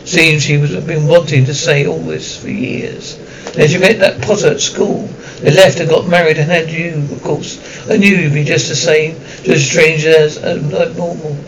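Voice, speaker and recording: A shrill, spiteful middle-aged woman rants with years of resentment, played by a man reading a storybook. Her voice rides high and shrieking. It sounds a little back from the microphone. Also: moderate pace, few pauses, recorded from a distance, natural voice, poor audio. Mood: bitter.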